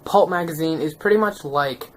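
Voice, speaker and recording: A man reviewing manga in a casual vlog, excitable and slangy, often checking in with the viewer. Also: on the high side, normal speed, a little hiss or hum. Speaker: manga vlogger.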